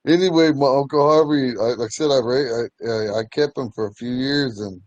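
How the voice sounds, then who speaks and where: A man teaching a language class, telling stories in a relaxed way and laughing often. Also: medium pitch, fairly quick, no echo, muffled recording. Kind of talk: casual storytelling in class.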